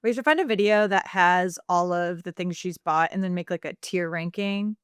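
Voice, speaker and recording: A woman co-hosting a casual podcast, spinning a silly story with plenty of "like" and "um." Her voice is smooth and clear, recorded dry on a close mic. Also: on the low side, moderate pace, no room sound. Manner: playful storytelling, lots of fillers. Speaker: podcast co-host. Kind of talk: casual chat.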